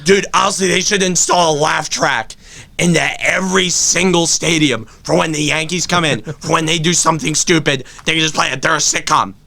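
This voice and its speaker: A man hosting a casual sports talk show, ranting in exasperation and laughing in disbelief, his voice going hoarse. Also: on the high side, steady tone, normal speed, sharp tone. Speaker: podcast host.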